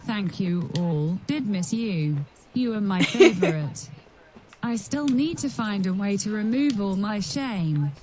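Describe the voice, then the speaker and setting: A synthetic woman's voice reads a viewer's message at a middle pitch. The delivery stays flat and even, with loud crowd noise underneath. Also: a little slow. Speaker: text-to-speech viewer message.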